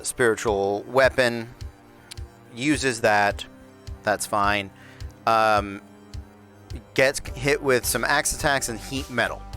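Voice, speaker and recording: A man hosting a live tabletop game stream and reviewing rules, relaxed and rambling, with fillers and restarts. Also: on the low side. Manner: says he has his announcer voice on. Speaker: host and game master of a PvP league stream. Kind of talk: livestream talk, reviewing rules. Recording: faint background music.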